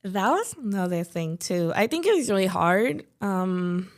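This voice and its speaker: Here a young woman from Chicago, guesting on a podcast, uses a mid-range voice that is very animated yet a little slow. She chats casually in an interview setting, leaning hard on "like" and "you know."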